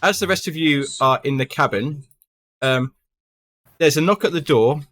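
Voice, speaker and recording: A man's voice: fairly high pitch, normal speed, fairly bright tone. A man running a tabletop horror game as game master, narrating casually with frequent ums.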